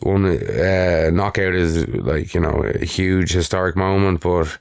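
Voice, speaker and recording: A man as co-host of a podcast, speaking in a measured, hesitant way with many fillers. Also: sits low, creaky, a little mellow, clear, resonant tone, no room sound, clean studio sound. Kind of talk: casual chat.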